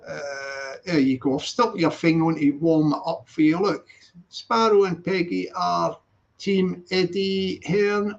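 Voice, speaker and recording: A man's voice: sits high, gravelly. A Scottish man hosting a casual live stream, upbeat and chatty, repeating his greetings. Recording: dull lo-fi sound.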